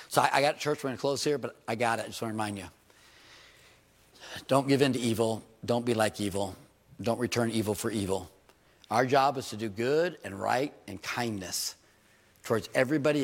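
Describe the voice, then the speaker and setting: A man preaching a sermon in a church, animated and joking, with rhetorical questions to his congregation. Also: fairly low pitch, breathy edge. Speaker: pastor. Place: church hall. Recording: reverberant church hall.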